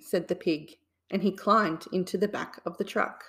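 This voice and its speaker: A woman reading a children's bedtime story aloud in a soothing, deliberate way. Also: mid-range voice, a bit bright.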